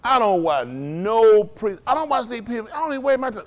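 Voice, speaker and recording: A high-pitched, animated man preaches a little fast in a loose, conversational style. Between frequent chuckles, he asks the congregation, "ain't that right?"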